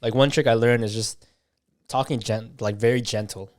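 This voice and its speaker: Young male podcast co-host, mid pitch, dry close mic, slangy and easygoing. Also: steady tone, normal speed, darkish tone, no echo. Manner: easygoing, slangy, frequent "right?". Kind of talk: casual chat.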